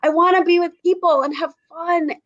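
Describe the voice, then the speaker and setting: A woman's voice: extremely high pitch, steady tone, moderate pace, fairly bright tone, highs cut off. A mother on a panel, talking earnestly and thinking aloud as she reflects on fear and anger in her community. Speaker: panel guest. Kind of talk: casual reflective chat.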